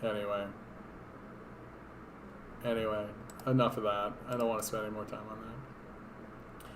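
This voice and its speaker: A man with a hoarse voice, giving rambling, sarcastic and profane political commentary on a casual livestream. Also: lowish voice, level tone, measured pace, noisy background. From Canada. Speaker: political streamer.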